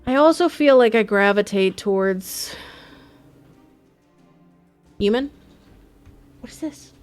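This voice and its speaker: A woman streaming a game live, chatting in a bubbly, excitable way with her viewers. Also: mid-range voice, slow pace, faint music behind. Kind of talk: casual live-stream chat.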